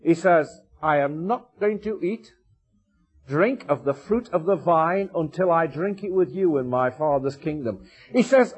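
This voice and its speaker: A man preaching a sermon with passion, asking rhetorical questions and swinging between loud, high bursts and quiet, low asides. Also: animated, a little slow, faint music behind. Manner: impassioned, rhetorical questions, wide swings in pitch and loudness.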